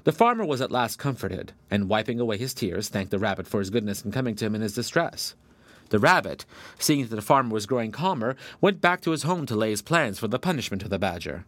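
A man narrating a storybook folktale in a steady, measured way. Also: fairly low pitch, no room sound.

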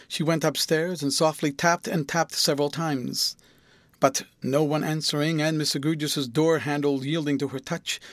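In a dry recording, a man with a fairly high voice reads an audiobook with measured, expressive storytelling.

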